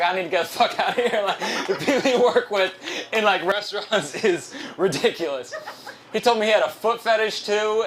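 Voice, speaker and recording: Young male comic, stand-up set, bright forceful tone, rambling and profane. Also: high voice. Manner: rambling, profane storytelling, laughing at own jokes. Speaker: stand-up comedian. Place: live comedy show at a restaurant venue.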